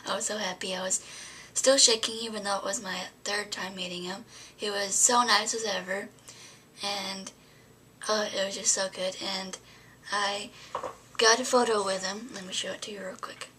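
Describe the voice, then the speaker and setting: A woman's voice: medium pitch, fairly even intonation, moderate pace, fairly bright tone, husky. A young adult woman vlogging, telling a story to camera in a rambling way, full of fillers and often dropping to a whisper.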